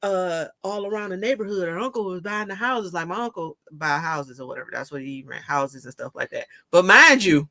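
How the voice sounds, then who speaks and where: A woman's voice: deep voice, a little fast, hardly any pauses, dry recording. A woman with a Detroit accent telling stories animatedly in a casual chat, laughing often and swearing freely. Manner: animated storytelling, frequent laughter, profane. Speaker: podcast host.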